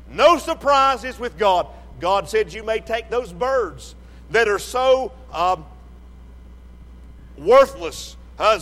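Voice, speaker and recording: A man preaching a sermon with slow emphatic delivery, rising to shouts and dropping low. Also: big-room sound.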